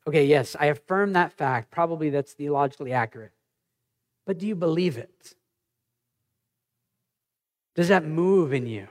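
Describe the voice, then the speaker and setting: A man in his thirties, a pastor, preaching a sermon in an animated, conversational way with personal stories. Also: fairly high pitch, moderate pace, long pauses.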